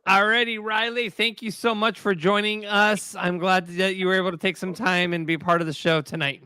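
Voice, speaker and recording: An easygoing man from the Houston area hosting a relaxed music show. He speaks in a high, bright voice and uses plenty of fillers. The recording is close and dry. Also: a little fast, smooth, no echo. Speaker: host. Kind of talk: casual chat.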